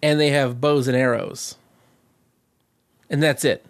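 A man's voice: mid-range voice, fairly even intonation, unhurried. A man co-hosting a podcast, recapping a movie in casual chat, sarcastic and profane, laughing often. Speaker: podcast co-host.

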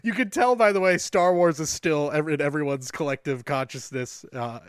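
A man's voice: fairly high pitch, moderate pace, clear, resonant tone, no echo, clean studio sound. A young man co-hosting a podcast, recapping a movie in casual, sarcastic chat and swearing now and then. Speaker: podcast co-host.

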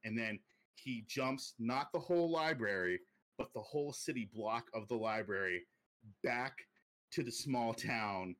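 A young man casually chatting on a podcast, pitching a movie sequel in a rambling way full of fillers. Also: unhurried. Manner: rambling storytelling with many fillers, drops low and quiet for quoted lines. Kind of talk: casual chat.

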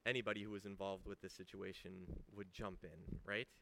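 A man's voice: low-pitched, level tone, moderate pace, pushed and bright, a little hiss or hum. A man giving a sermon as a pastor, talking conversationally with emphasis and rhetorical questions.

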